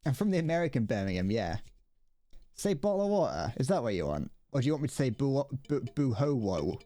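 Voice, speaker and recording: A man's voice: mid-range voice, big pitch swings, brisk, mellow, no room sound. A British man streaming a video game, chatting casually and rambling with jokes. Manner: joking and rambling. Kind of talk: casual live-stream chat.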